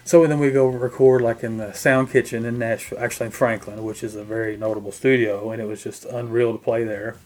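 Man telling animated band stories. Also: medium pitch, fairly quick, hardly any pauses. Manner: animated anecdotes, mimics the people he quotes. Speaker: guest musician, drummer. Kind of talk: casual interview storytelling.

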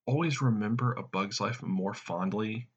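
A man co-hosting a casual comedy podcast, talking in a dry, deadpan joking way. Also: lowish voice, normal speed, husky. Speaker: podcast co-host. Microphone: headset mic. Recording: dull lo-fi sound.

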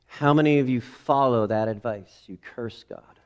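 A man preaching a sermon, moving between quiet reflective passages and loud, rising exclamations. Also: mid-range voice, normal speed, highs cut off. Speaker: pastor.

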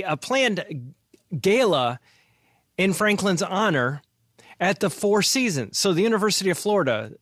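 A man's voice: on the high side, fairly bright tone, no echo, clean studio sound. A man hosting a finance podcast, chatting casually and laughing often as he retells stories. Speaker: podcast host.

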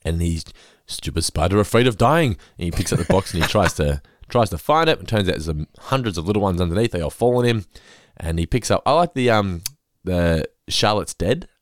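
Deep-voiced man chatting casually. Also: lively intonation, brisk, few pauses, no room sound, clean studio sound. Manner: laid-back, swears freely, laughs often. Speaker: podcast co-host. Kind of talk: casual podcast chat.

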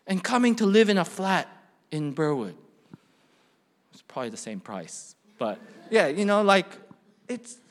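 High-voiced preaching man, animated. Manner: animated preaching, rising questions, drops to quiet emphasis. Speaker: pastor. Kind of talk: sermon.

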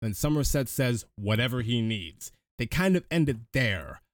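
A man's voice: mid-range voice, expressive, normal speed, dry recording. A man recapping a film scene by scene for a podcast, easygoing and conversational. His voice sounds dry and close, with no room around it. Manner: retells the plot step by step, chatty. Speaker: podcast host. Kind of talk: casual movie recap chat.

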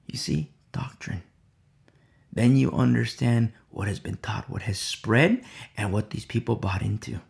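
A Bible teacher preaches a sermon in a lowish, slightly slow voice with vocal fry. He repeats key phrases, asks "You see?", and swings between loud emphasis and quiet asides.

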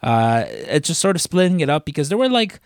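Very animated and brisk, a male podcast co-host speaks in a smooth, fairly high voice, recorded dry with clean studio sound. He chats casually, rambling with many fillers and restarts.

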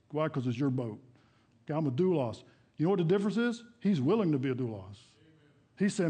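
Older guy preaching in church, chatty and folksy, voice a bit high. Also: lively intonation, fast, mellow, slightly rough. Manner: folksy, conversational preaching with shifting volume and pace. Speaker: pastor. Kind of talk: sermon.

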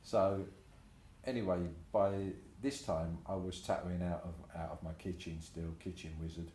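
A man's voice: low-pitched, moderate pace, slight background noise. An older man, a tattoo artist telling anecdotes in a casual interview, swearing freely and acting out what people said. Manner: swears freely, animated anecdotes with acted-out quotes. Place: room in his tattoo shop. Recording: roomy echoey room.

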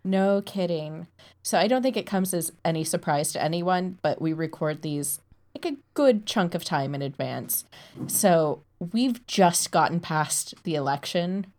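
A woman's voice: on the low side, lively intonation, unhurried, a little mellow. A woman co-hosting a podcast in casual chat, playful and swearing offhandedly. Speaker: podcast co-host.

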